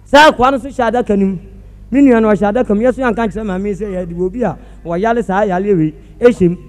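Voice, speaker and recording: A man with a Ghanaian accent performing a live comedy monologue on a theatre stage, animated and acting out sounds with his voice. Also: high-pitched, fast. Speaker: comic storyteller. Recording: hall reverb with faint music.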